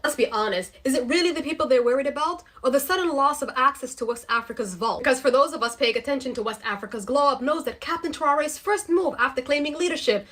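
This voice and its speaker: A woman narrates scripted commentary at a rapid pace. Her voice sits a little high, and she drives her points home with pointed rhetorical questions. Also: fairly bright tone.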